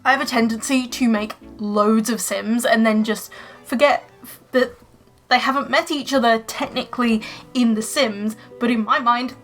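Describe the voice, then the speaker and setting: A woman's voice: a little high, fairly even intonation, normal speed, a bit bright. A young woman giving chatty, emotional commentary over gameplay, gasping and exclaiming as she plays. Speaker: Sims let's play creator.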